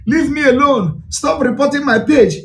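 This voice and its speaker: A man's voice: very high voice, normal speed, a bit bright, reverberant, pitched above the performer's own voice. A man mocking a whining crying comedian. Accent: Nigerian. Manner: whiny, pleading. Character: whining male comedian crying over his page.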